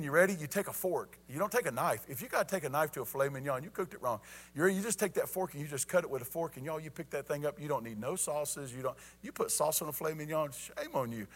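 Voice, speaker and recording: A man's voice: a little high, fairly bright tone. A man preaching a folksy evening sermon, often asking "you ready?" and saying "y'all".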